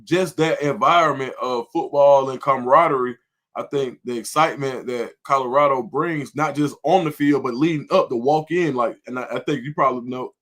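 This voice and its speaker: A man's voice: mid-range voice, brisk, a bit bright. A man on a casual sports talk show describing his experience as a fan, talking in a rambling, enthusiastic way. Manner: rambling, many fillers and restarts.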